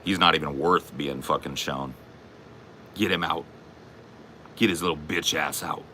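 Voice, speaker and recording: A man's voice: a bass voice, steady tone, measured pace, sharp tone, a little hiss or hum. A man hosting a comedy show, taunting and profanely ranting in an aggressive, confrontational way. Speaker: comedy podcast host. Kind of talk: aggressive comic rant.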